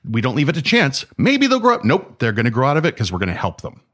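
A man's voice: medium pitch, sing-song, fast, fairly bright tone. A man who teaches martial arts and co-hosts a podcast, talking emphatically in a casual chat and asking rhetorical questions.

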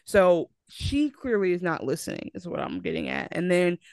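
A woman's voice: on the low side, wildly swooping pitch, normal speed, vocal fry, a little mellow, no echo. A young woman co-hosting a podcast in casual chat, talking animatedly and arguing her point with lots of fillers and restarts. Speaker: podcast co-host.

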